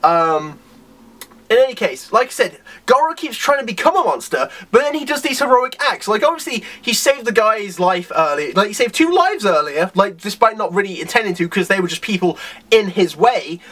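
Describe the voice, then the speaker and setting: A man talking through a comic chapter review in a loose, rambling way. His pitch swings all over the place, and he keeps slipping into acted-out lines from the characters. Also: big pitch swings, moderate pace, fairly bright tone. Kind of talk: casual video review.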